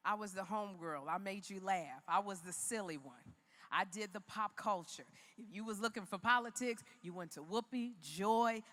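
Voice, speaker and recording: Big-room sound surrounds this mid-range, fairly bright voice. She's a keynote speaker from Chicago giving a motivational arena speech, telling her story with preacher-like emphasis.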